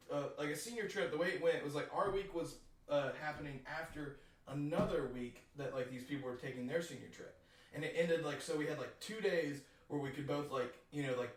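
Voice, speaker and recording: A young man, a guest from a band, telling a long story in a rambling, profane way, laughing often and filling gaps with "like". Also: a little high. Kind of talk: casual storytelling. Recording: echoey room, distant mic.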